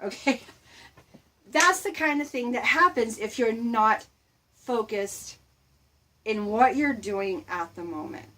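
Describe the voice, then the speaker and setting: A woman's voice: on the high side, expressive, slow, pauses often, sharp tone, slight background noise. A woman hosting a casual motivational talk, chatty and laughing often as she speaks to her viewers. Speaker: host.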